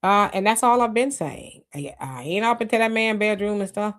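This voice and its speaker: A woman's voice: medium pitch, expressive, normal speed, a bit bright. Chatty woman livestream host. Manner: chatty, greets commenters, frequent restarts and laughs. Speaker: livestream host reading chat. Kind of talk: casual live-chat commentary.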